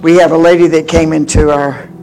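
A woman in her eighties preaching a sermon with personal stories, swinging from loud exhortation to hushed confiding. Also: low voice, level tone, brisk, faint music behind. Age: 80s.

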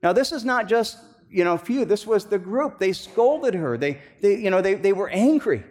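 A man's voice: high-pitched, big pitch swings, moderate pace, darkish tone. A man preaching a sermon as pastor, talking conversationally with frequent restarts and fillers, then rising into emphatic bursts.

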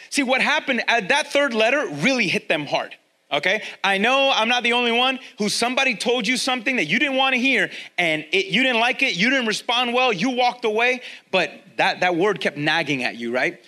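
High, bright-voiced energetic preacher man. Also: a little fast. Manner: energetic, conversational, repeats key lines for emphasis. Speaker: pastor. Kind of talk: sermon. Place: church with a congregation, also streamed online.

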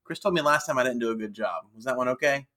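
A man co-hosting a casual podcast, recapping wrestling with quick jokey asides. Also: mid-range voice, pushed and bright. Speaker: podcast co-host.

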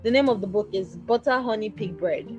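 Animated young Nigerian woman, lo-fi. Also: medium pitch, fairly quick. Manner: animated, laughing, trailing off mid-sentence. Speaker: podcast host. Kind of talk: casual chat about books. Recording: dull lo-fi sound with faint music.

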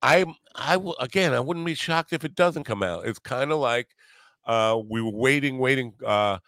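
A man at medium pitch chatting on a podcast, rambling loosely and laughing often. The recording is dry and close, with almost no room sound. He swears now and then. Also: lively intonation, normal speed, fairly bright tone, no echo. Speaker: podcast host. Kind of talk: casual chat.

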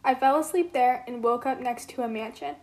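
A woman reads Psyche, a devoted young mortal woman, with earnest, plain delivery. Her voice sits high. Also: a little fast, a little mellow, natural voice. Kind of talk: amateur read-aloud role-play.

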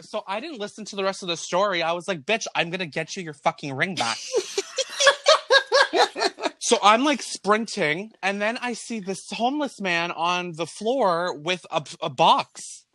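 Animated young man telling a story. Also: high voice, moderate pace, dry recording. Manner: animated, swearing, acts out quotes in raised voice. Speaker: podcast co-host. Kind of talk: casual storytelling chat.

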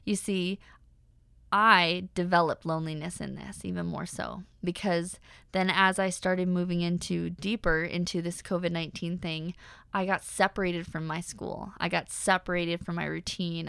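A woman's voice: lowish voice, vocal fry, fairly bright tone, smooth, dry recording, studio quality. A young woman hosting a personal podcast, talking candidly and animatedly with many fillers. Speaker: podcast host.

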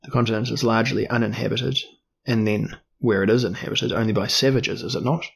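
A proud albino prince with a formal, guarded way of speaking, as a man reads him aloud. The voice is low-set and gravelly, with a husky edge. It is delivered as a character in a storybook reading. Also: fairly even intonation, fairly quick. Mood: courteous.

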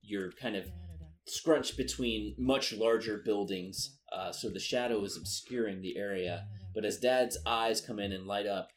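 Slow, low-voiced male game master. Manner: relaxed, laughs often, many fillers. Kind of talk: narrating a tabletop game.

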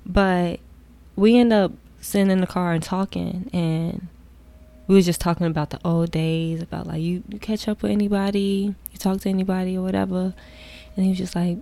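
A woman's voice: on the low side, normal speed, vocal fry, dry recording. Candid young woman telling a story. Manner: candid, animated, drifting into soft whispered asides. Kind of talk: casual storytelling.

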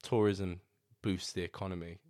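A British man in his thirties talks in a relaxed, easygoing way, tagging his points with "you know what I mean". His voice sits a little low and sounds close and dry. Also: normal speed, no echo. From United Kingdom. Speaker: podcast co-host. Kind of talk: casual chat.

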